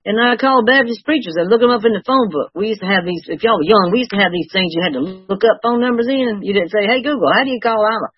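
A woman's voice: medium pitch, fast, hardly any pauses, breathy edge, highs cut off. An older woman sharing her recovery story with wry, self-mocking humor. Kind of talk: personal testimony, storytelling.

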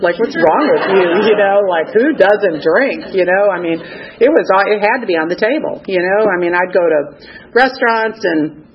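A woman's voice: lowish voice, muffled recording, slight background noise. A woman in her sixties giving a frank, rambling personal testimony at a recovery meeting, full of fillers and restarts. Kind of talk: personal testimony, casual storytelling.

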